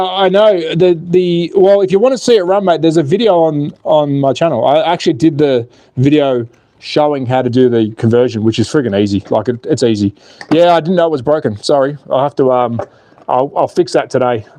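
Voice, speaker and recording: A man's voice: mid-range voice, mellow, dry recording. An Australian man hosting a casual livestream, chatting and joking with viewers as he works on his slot car track. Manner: chatty and joking, reads viewer comments aloud.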